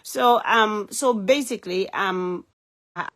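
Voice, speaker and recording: A woman speaks straight into her phone on a live stream. Her voice sits at an ordinary mid pitch. She is earnest and heartfelt, and she fills her halting phrases with "um" as she moves between languages. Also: fairly bright tone. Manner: hesitant, many "um" fillers, mixing languages. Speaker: live-stream host and advocate. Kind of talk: unscripted live-stream talk.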